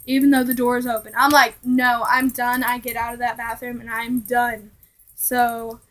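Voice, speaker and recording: A young woman casually telling ghost stories to her vlog viewers, chatty and animated, now and then dropping to a hushed aside. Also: a little high, low-quality recording. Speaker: vlogger.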